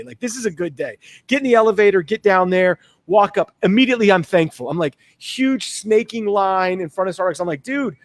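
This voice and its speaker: Energetic man, high voice, dry close sound, lively storytelling. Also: no room sound. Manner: energetic, fast-talking, acts out voices in anecdotes. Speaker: guest. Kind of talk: casual storytelling in a talk.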